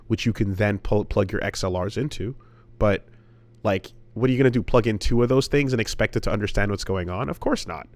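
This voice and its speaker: Low-voiced, rambling male podcaster. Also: no echo. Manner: rambling, profane, many fillers and restarts. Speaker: podcast co-host. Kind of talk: casual podcast chat.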